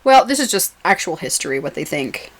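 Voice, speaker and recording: Woman, podcast co-host, lower-pitched, casual chatty recap, laughs often. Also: big pitch swings, a little fast. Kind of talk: casual chat recapping a TV episode.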